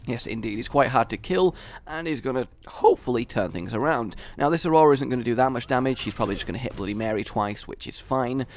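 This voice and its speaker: A young man hosting a gaming video, giving excited play-by-play commentary with loud triumphant outbursts. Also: medium pitch, fast.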